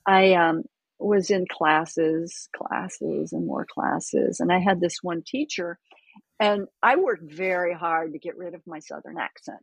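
A middle-aged woman from Florida, chatting casually as an interview guest, self-deprecating and quick to laugh. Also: fairly low pitch, creaky, husky, no room sound. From Florida, US South.

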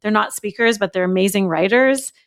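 A woman coach talking as a podcast guest, animated and acting out her own inner thoughts in quotes. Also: medium pitch, brisk, vocal fry. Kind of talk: casual podcast conversation.

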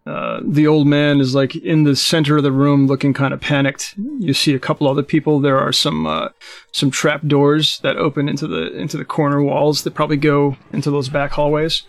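A man narrates a tabletop game as game master in a somewhat high, gravelly voice. His delivery is hesitant and full of fillers, and the recording is dry and close. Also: flat delivery, fairly quick, no room sound.

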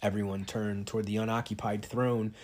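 A man's voice: on the low side, level tone, brisk, a little mellow. A man reading a novel aloud, narrating steadily in the first person. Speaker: reader.

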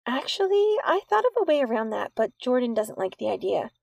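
A woman voicing an anxious, quick-minded teenage schoolgirl in a high, earnest voice. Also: big pitch swings, vocal fry, a little mellow, no echo, clean studio sound, exaggerated voice.

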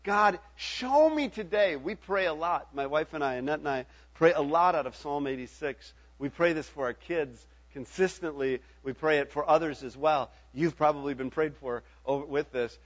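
A man's voice: a little high, fairly even intonation, normal speed, few pauses, highs cut off. Middle-aged man preaching in conversation. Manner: conversational preaching, asides and checks with listeners. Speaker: pastor. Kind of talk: sermon.

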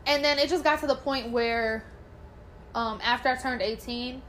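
Young woman, fairly high voice, blunt and profane, tells her own story in loose chat; faint hiss under the recording. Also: steady tone, normal speed, a bit bright. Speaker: guest telling her story. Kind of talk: casual chat.

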